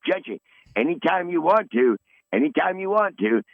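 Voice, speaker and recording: A man's voice: high-pitched, sing-song, moderate pace, dry recording. Brief: man, 60s, podcast regular caller; profane, boastful rambler; tinny phone audio. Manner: combative, swearing, boastful. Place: in his van.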